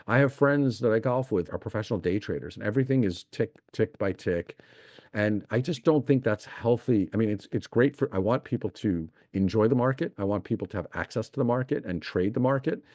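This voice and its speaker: A man's voice: lowish voice, fairly quick, a little mellow, no echo, clean studio sound. A middle-aged man, an investment executive talking as a podcast guest, explaining eagerly and piling up examples. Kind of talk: podcast interview.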